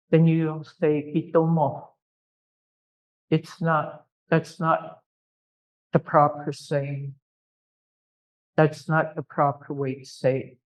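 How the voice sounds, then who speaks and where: A language teacher leading a classroom pronunciation lesson, drilling words by repetition, patiently correcting students and teasing them good-humouredly. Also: mid-range voice. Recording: dull lo-fi classroom recording.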